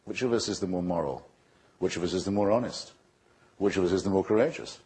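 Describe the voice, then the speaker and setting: A man with a fairly low, husky voice argues at a public debate. His delivery is sardonic and rhetorical, and he leans hard on emphasis. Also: fast, a little mellow. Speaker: public speaker.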